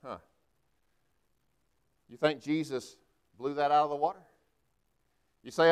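A man's voice: fairly high pitch, a little fast, pauses often, a bit bright, clean tone. A man, a pastor preaching a sermon with emphatic delivery and frequent rhetorical questions. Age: 40s.

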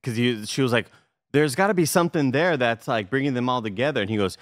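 A man's voice: medium pitch, quick pace, dry recording, studio quality. A man co-hosting a podcast, chiming in with jokes and mimicked film lines during casual chat. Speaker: podcast co-host.

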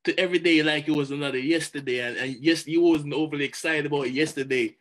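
A man giving a motivational talk, animated and chatty, often repeating words as he goes. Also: fairly high pitch, fast talker. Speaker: motivational speaker.

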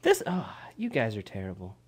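Brief: male radio co-host, expressive, jokey, talking into a studio mic. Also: lowish voice, moderate pace, husky. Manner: animated, laughs often, teasing. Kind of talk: casual banter on live radio.

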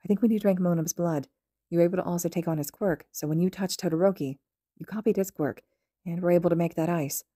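A woman voicing a gentle teenage boy who soothes a friend in soft, stammering reassurance. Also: on the low side, fast talker, breathy edge, dry recording, studio quality. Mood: comforting.

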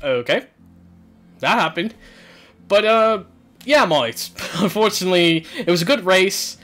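A man commentating his own racing game play, excitable, shouting and laughing at the game. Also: sits high, measured pace, soft background music. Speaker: gaming channel host.

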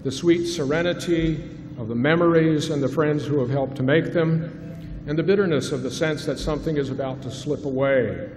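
A middle-aged man, a faculty member, giving a formal, reflective commencement address from a podium. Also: fairly high pitch. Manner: reflective, measured, rhetorical questions. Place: large hall at a graduation ceremony. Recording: reverberant hall, faint hiss.

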